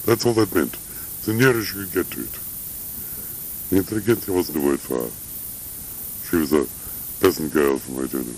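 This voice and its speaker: Deep-voiced older man telling stories in an interview, wandering off into asides, slight hiss in the background. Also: lively intonation, fairly quick, long pauses, darkish tone, low-quality recording. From Russia. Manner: rambling, anecdotal, with frequent asides. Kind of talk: reminiscing conversation.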